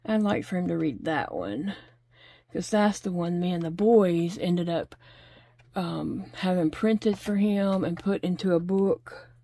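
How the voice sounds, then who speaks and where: A middle-aged woman chats easily about home life as she crochets, laughing often and pausing to count stitches under her breath. Her voice is mellow and soft-edged, heard dry and close with no room around it. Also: lowish voice, animated, creaky, no room sound. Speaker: crochet vlogger. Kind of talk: casual chat while crocheting.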